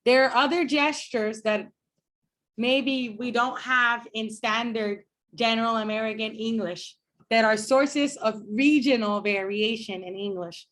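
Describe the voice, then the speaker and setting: Woman professor, slightly higher voice, slow and explanatory, classroom lecture with sounds modeled out loud. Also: fairly even intonation. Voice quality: explanatory, demonstrates speech sounds slowly. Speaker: phonetics professor. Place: classroom with students.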